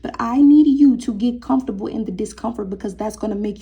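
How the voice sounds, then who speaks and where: A woman's voice: on the high side, steady tone, brisk, vocal fry, mellow. A woman giving a chatty, casual tarot reading to her viewers. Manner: chatty, breaks into singing, talks to cat. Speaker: tarot reader.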